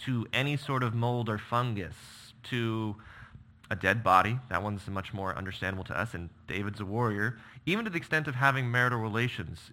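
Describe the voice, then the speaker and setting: Man, pastor, sermon, very bright tone, lively pitch, emphatic. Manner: emphatic, dramatic scripture reading.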